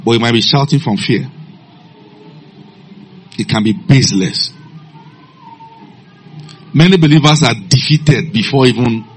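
A man preaching a sermon, telling stories in a low calm voice and breaking into loud shouted commands. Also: measured pace, long pauses, faint music behind.

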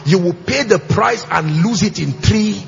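High, gravelly preacher man. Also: a little slow. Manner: emphatic, sing-song preaching with shouted bursts and call-and-response questions. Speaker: pastor. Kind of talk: sermon. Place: church auditorium with congregation. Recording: slightly muffled church recording, faint music.

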